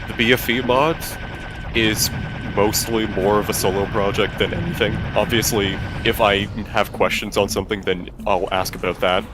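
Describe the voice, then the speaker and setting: A man's voice: on the low side, steady tone, normal speed, background noise. A man, a guest developer, chatting casually and explaining his solo project with easy fillers. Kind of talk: casual chat.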